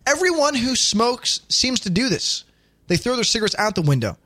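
A man's voice: high-pitched, moderate pace, dry recording. A man hosting a casual comedy podcast, joking around and reading odd news stories aloud. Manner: animated, jokey, reads news items aloud. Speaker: host.

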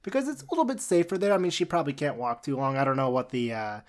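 A podcast co-host talking casually about a film, playful and quick to laugh. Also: medium pitch, animated. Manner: playful, laughing, acts out quotes.

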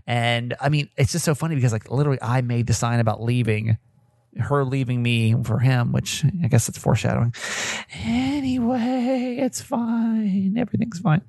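A man's voice: mid-range voice, steady tone, brisk, gravelly, a little mellow, no echo. A man hosting a casual podcast, rambling and self-mocking with many hesitations. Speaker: podcast host. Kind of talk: casual chat.

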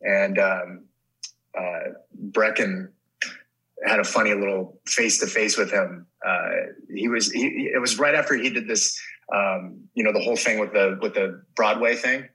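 A middle-aged actor as a guest in a casual chat, telling rambling stories full of restarts and swearing. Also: male voice, fairly low pitch, normal speed, bright, forceful tone, rough recording.

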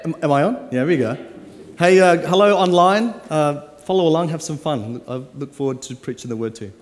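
Before a live audience in a church auditorium, a guest preacher in his 40s jokes around and coaxes the congregation. He talks fairly quickly in a slightly high voice, with long reverb from the hall.

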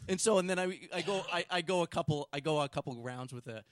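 A man co-hosting a podcast, telling an animated, self-mocking story in casual chat with friends. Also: fairly high pitch, quick pace, dry recording, studio quality. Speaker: podcast co-host.

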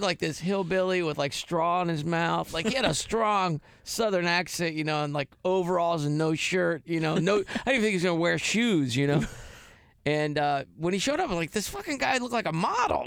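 A man's voice: on the high side, expressive, normal speed, vocal fry, a bit bright, smooth, dry recording, clean studio sound. A middle-aged man from Florida, telling rambling stories in a casual chat as a guest and laughing often. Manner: rambling, laughs often, mimics voices in anecdotes.

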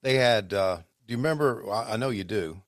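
A man co-hosting a podcast, chatting casually and telling rambling stories with many halting restarts. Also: on the low side, dry recording, clean studio sound. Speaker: podcast co-host, former wrestling commentator. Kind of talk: casual chat.

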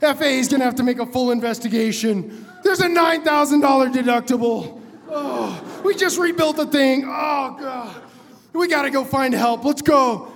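A man's voice: extremely high pitch, moderate pace, slight background noise. A man putting on a frantic, apologetic male helicopter pilot, blurting in panic. The voice rings with the long reverb of a live stage.

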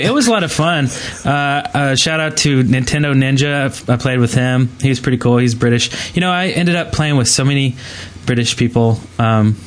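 A man co-hosting a casual gaming podcast, telling stories in a rambling way with many restarts. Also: medium pitch. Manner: rambling, self-interrupting storyteller. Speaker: podcast co-host.

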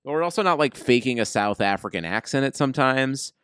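A man's voice: mid-range voice, expressive, fairly quick, a bit bright, clean tone, no echo. A man co-hosting a podcast, chatting casually with sarcastic jokes. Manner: sarcastic, joking. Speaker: podcast co-host. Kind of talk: casual chat.

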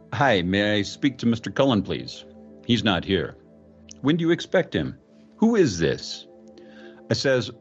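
A man doing an impression of a famous actor, retelling an eerie roadside encounter in the first person, with halting restarts and drawn-out dramatic phrases. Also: fairly low pitch, muffled recording. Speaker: podcast host.

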